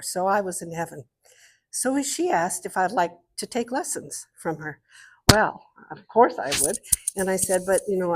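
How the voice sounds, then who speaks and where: Lively older woman telling stories. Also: mid-range voice, breathy edge. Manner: lively storyteller, showing objects while talking. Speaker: guest artist speaker. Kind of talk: storytelling talk to an art club.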